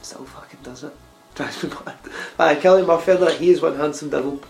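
A man's voice: a little high, fairly quick, vocal fry, darkish tone, faint music behind. A young man, co-hosting a podcast in casual, blunt and sweary chat. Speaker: podcast co-host.

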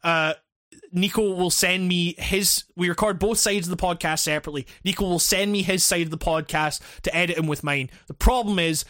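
Over a remote call, a male podcast co-host and editor rambles through casual chat, swearing and laughing often. His voice is high-pitched and sharp, and he talks a little fast, with clean, studio-quality sound and no room echo.

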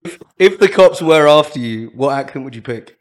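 A man hosting a casual podcast interview, firing off quick questions and teasing his guest with plenty of laughter. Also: medium pitch, lively intonation. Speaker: podcast host.

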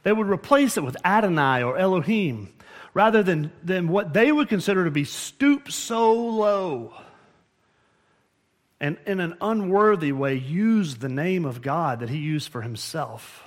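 A man's voice: sits high, expressive, unhurried. A man preaching as pastor in a church, explaining scripture earnestly and often restarting his phrases. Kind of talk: sermon. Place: church sanctuary.

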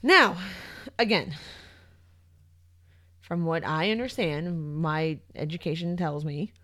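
A woman's voice: low-pitched, slow, pushed and bright, dry recording. A woman co-hosting a casual podcast, blunt and slangy, swearing freely and explaining things like a trainer. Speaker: podcast co-host.

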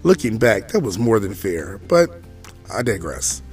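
A man's voice: on the low side, big pitch swings, measured pace, faint music behind. A man in his forties telling his own story as a podcast host, chatty and full of asides to the listener. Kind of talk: storytelling monologue.

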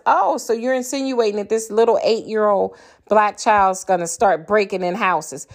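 Woman, grown kids and grandkids, podcaster, angry profane ranting, blunt, middle pitch. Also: moderate pace. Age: older. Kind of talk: impassioned monologue.

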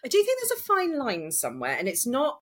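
A woman's voice: high voice, huge pitch swings, brisk, fairly bright tone. A woman with a posh British accent and a cold, chatting thoughtfully and self-deprecatingly as a podcast guest. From United Kingdom. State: has a cold. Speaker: guest author. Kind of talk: casual podcast chat.

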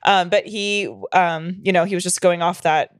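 A woman's voice: on the low side, steady tone, moderate pace, smooth, dry recording, clean studio sound. A young woman co-hosting a podcast in casual chat, talkative and profane, saying "like" a lot. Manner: chatty, profane, heavy use of "like". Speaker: podcast co-host.

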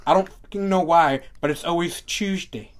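A man hosting a podcast, joking around and plugging friends with profane, hyped chatter. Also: on the high side. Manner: profane, joking, hyped, fast run-on plugs. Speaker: podcast host. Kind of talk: casual podcast banter.

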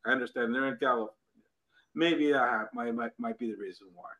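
A man hosts a casual podcast chat, his voice bright and forceful with a middle-range pitch. He rants bluntly and swears freely, hammering his points home. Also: steady tone, fast talker, low-quality recording. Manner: blunt, profane, emphatic ranting. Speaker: podcast host.

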